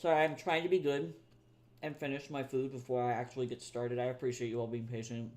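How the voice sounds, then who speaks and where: A man's voice: mid-range voice, level tone, fast talker, a little mellow. A young man chatting casually to viewers on a live art stream, loose and self-deprecating, swearing freely and laughing easily. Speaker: artist live-streaming, reading chat.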